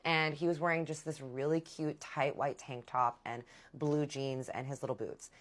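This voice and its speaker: A woman vlogger telling a story in casual chat, animated and profane, talking straight to her viewers. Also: low-pitched, normal speed.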